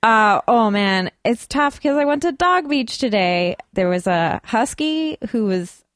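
A woman in a casual podcast chat, playful, throwing in quick quips and telling anecdotes. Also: a little high, animated, no room sound, studio quality.

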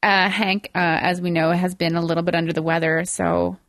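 A woman's voice: fairly low pitch, flat delivery, fairly quick, creaky, fairly bright tone, no room sound, clean studio sound. A woman co-hosting a casual podcast chat, frank and jokey. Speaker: podcast co-host.

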